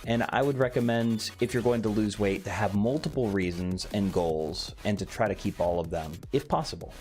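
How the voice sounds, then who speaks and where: A man's voice: on the low side, moderate pace, a little mellow. A man casually chatting on a late-night stream, reading chat aloud and swearing offhandedly. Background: faint background music.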